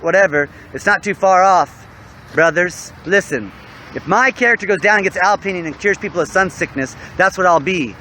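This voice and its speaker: A young man rambles outdoors in a preachy, profane monologue, his voice high and bright. He talks straight at the camera. The faint hum of traffic runs behind him. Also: poor audio. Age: young adult. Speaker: online game player.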